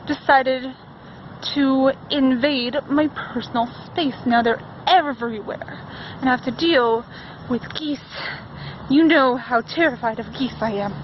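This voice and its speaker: Girl cosplaying a lovesick young guy teacher vlogging to his far-off fiance, high voice, kinda muffled audio. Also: slight background noise. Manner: wistful, talks to absent partner. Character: earnest young male pilot-teacher, fiance. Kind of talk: in-character cosplay vlog. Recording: dull lo-fi camera audio.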